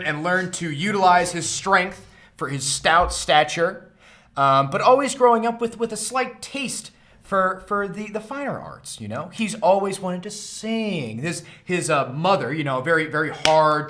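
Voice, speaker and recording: Young male game master, rambling and profane, slightly high voice. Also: lively intonation, unhurried, pushed and bright. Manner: rambling, stumbling, swearing, laughing often. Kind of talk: casual stream chat running a tabletop game.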